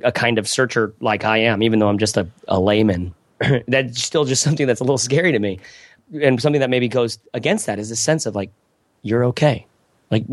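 A man's voice: medium pitch, dry recording, clean studio sound. A middle-aged man talking casually as a podcast guest, rambling and often restarting his sentences. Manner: rambling, self-interrupting, frequent restarts. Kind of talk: casual conversation.

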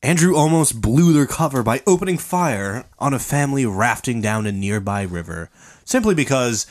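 A man's voice: moderate pace, no room sound. A man telling a history story on a podcast, joking with his co-hosts as he goes. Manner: jokey storyteller, lively pitch swings. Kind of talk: comedic casual chat.

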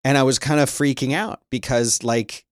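Middle-aged male host, mid-pitch voice, chatty news commentary with exasperated rants, dry close sound. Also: steady tone, moderate pace, no room sound. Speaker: podcast host.

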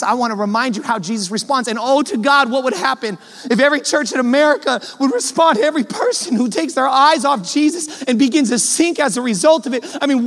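High-voiced man preaching in a reverberant hall. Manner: fervent preaching, swinging between loud emphasis and hushed, low asides; colloquial, direct address to the congregation. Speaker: pastor. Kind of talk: sermon. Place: church sanctuary.

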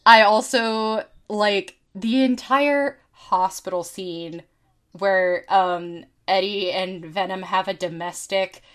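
A woman's voice: medium pitch, slow pace, fairly bright tone, smooth. Woman podcast co-host, casual, giggly, profane, acts out scenes. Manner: giggly, swears a lot, acts out movie lines. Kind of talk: casual chat.

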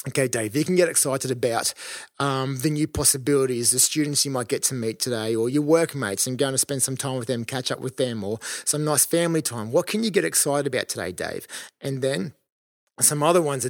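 Man with a gravelly, earnest podcast voice. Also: mid-range voice, fairly quick, no echo, studio quality. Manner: earnest, encouraging, many ums and restarts. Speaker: podcast host. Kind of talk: solo podcast talk.

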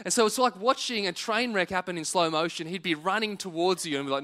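A man preaches a sermon in a bright, sharp voice that sits high for a man. He tells stories vividly and presses his points with earnest urging. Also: quick pace, hardly any pauses. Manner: animated storytelling that builds to earnest exhortation. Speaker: pastor. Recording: church service recording.

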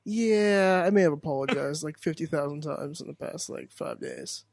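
A man's voice: a little high, wildly swooping pitch, normal speed, gravelly, no room sound. A man chatting in a studio, sheepish and self-mocking, laughing often. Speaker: regular guest. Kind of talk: casual chat.

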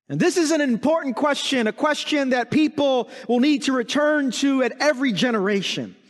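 A man's voice: very high-pitched, in a large hall. A man preaching a sermon as pastor, emphatic and full of rhetorical questions.

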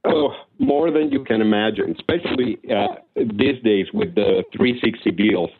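A man calling in to a radio show, talking haltingly with many restarts. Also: fairly low pitch, background noise. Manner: hesitant, many restarts and fillers. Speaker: caller. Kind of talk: casual call-in chat. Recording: tinny phone line.

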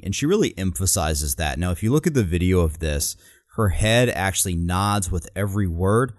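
A man's voice: low voice, expressive, moderate pace, no room sound, studio quality. A man co-hosting a podcast, casually breaking down a political speech and animatedly quoting lines. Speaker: podcast co-host analyzing speeches. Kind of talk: casual analytical chat.

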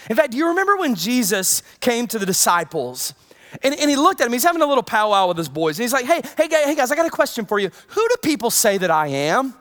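A preacher delivering a sermon in a conversational way, with asides and retold scripture. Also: high voice. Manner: conversational, animated, with many asides.

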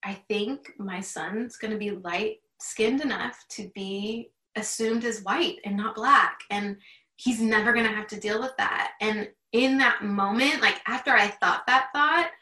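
A woman's voice: medium pitch, unhurried, sharp tone, echoey room, recorded from a distance, poor audio. A woman in her thirties talking earnestly and openly in a candid conversation, with plenty of "like" fillers. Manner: earnest, heartfelt, chatty with many "like" fillers. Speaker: guest.

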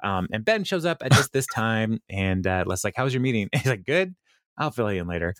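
A man's voice: fairly low pitch, big pitch swings, a little fast, a bit bright, dry recording, studio quality. A man co-hosting a podcast, retelling a show's scenes in a rambling way, quoting characters, with many fillers. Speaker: podcast co-host. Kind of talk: casual episode recap.

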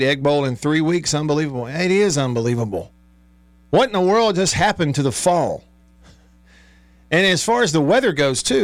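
A man's voice: a little high, no echo. Man, radio host, easygoing, chatty, laughs often, dry close studio sound. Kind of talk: casual sports talk radio chat. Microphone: studio microphone.

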